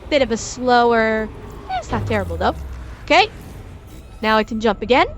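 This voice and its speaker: A high-voiced woman streamer explains things step by step in a chatty way, her pitch bouncing all over. She talks straight to her chat while she plays, with faint music running underneath. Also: expressive, normal speed. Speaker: game streamer teaching a lesson. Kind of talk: casual livestream tutorial.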